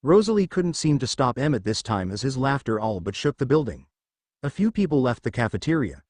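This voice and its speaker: A man reads first-person fan fiction aloud in a steady storytelling voice. His middle-pitched voice moves in lively contours, recorded close with no room sound. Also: brisk, dry recording. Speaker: narrator.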